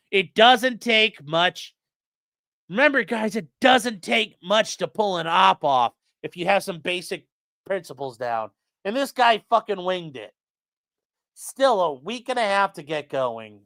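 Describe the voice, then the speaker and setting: A man doing live-stream commentary for his chat, profane, excitable and sarcastic. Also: high voice, a little slow, no room sound, studio quality. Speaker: streamer reading court documents to chat.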